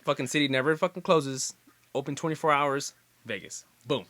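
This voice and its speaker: A man's voice: mid-range voice, brisk, a bit bright, no echo. A man co-hosting a podcast in casual chat, blunt and joking, with some swearing. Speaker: podcast co-host.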